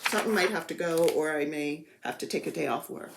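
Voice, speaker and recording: A woman's voice: deep voice, vocal fry, reverberant, noisy background. A woman chatting casually about her cross-stitch projects, rambling and poking fun at herself. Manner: chatty, self-deprecating, rambling. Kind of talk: casual show-and-tell chat.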